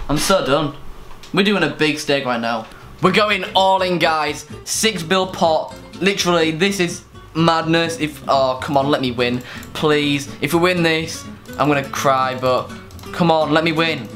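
A young man giving excitable, sweary live commentary over a game, yelling one moment and groaning the next. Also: on the high side, moderate pace, over music. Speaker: gaming streamer.

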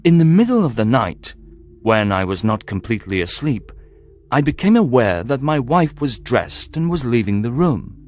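Expressive male audiobook narrator. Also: medium pitch, normal speed. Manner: clear, expressive first-person telling. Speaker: storyteller. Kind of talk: scripted audiobook narration for learners. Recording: soft background music.

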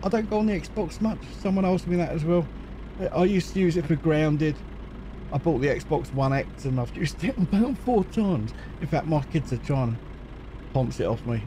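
A bit high and expressive, his voice runs at normal speed over a faint hiss or hum. The speaker is a middle-aged English gaming host, casually narrating his truck gameplay with rambling, self-deprecating chatter.

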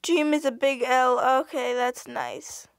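A woman with a high voice reads posts aloud and reacts with sarcastic, exasperated remarks, often swearing. Her voice has a gravelly, fry-laden edge. The recording is dry and close, with no room echo. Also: steady tone, a little slow. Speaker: commentator reading online posts. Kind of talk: reaction commentary.

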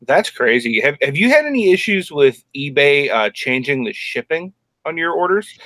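A man's voice: fairly high pitch, very animated, moderate pace, a bit bright, no room sound. A man joining a casual live stream as a guest, friendly and polite.

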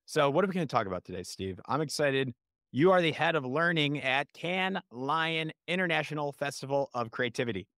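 A man's voice: a little high, animated, fairly quick, fairly bright tone, no room sound. Man, Chicago accent, podcast host, hyped and playful, dry close sound. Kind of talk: upbeat podcast interviewing.

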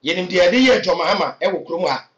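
A man's voice: sits high, animated, quick pace, a bit bright, roomy sound, muffled recording. A man with a Ghanaian accent giving earnest, urging opinions to camera, with hesitant fillers. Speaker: political commentator. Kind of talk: impassioned opinion vlog.

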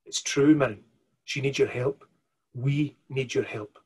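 Brief: a man playing a frantic, pleading magician on a bad line, husky, storybook reading. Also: medium pitch, steady tone, measured pace, darkish tone. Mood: urgent. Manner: urgent, pleading. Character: desperate, hurried good magician man.

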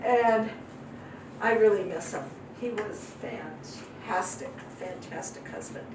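A woman's voice: lowish voice, measured pace. An older woman giving a heartfelt testimony sermon as a missionary guest speaker, repeating phrases for emphasis. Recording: echoey hall from far off, noisy.

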